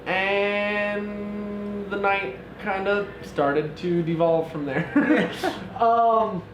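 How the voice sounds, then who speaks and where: A married man tells a rambling story on a casual podcast, full of fillers and laughs at himself. His voice sits a little high. The room echoes, with a faint hiss underneath. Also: steady tone, drawn-out words. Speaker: podcast co-host. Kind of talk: casual chat.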